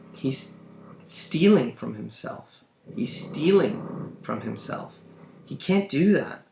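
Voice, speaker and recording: A man's voice: mid-range voice, gravelly. Man lecturing, thoughtful, emphatic bursts, echoey room. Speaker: literature teacher. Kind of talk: lecture on a play. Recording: roomy room, faint background hum.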